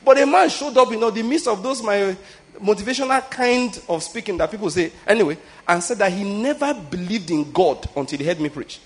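A man's voice: high-pitched, expressive, fairly quick, husky. A middle-aged man with a Nigerian accent, preaching in a conversational teaching style and often checking that listeners follow him. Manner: conversational teaching, often asks if listeners get his point. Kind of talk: sermon.

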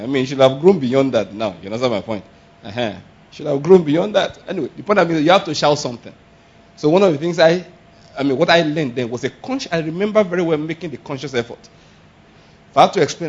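A man preaching a sermon in an animated, laughing way, often acting out exclamations. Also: a little high, brisk, pauses often, breathy edge. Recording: dull lo-fi sound.

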